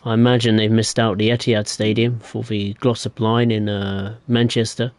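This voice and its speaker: A man's voice: on the low side, flat delivery, normal speed, darkish tone, no room sound. A young man live-streaming a train game, chatting casually and answering viewers in a rambling way. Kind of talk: live gameplay commentary.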